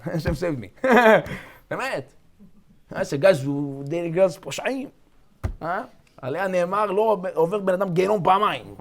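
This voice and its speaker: A male rabbi delivers a weekly Torah class at a quick clip. His voice sits high, and he leans hard into his points, often acting out the people he quotes. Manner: animated, emphatic, acts out quoted voices.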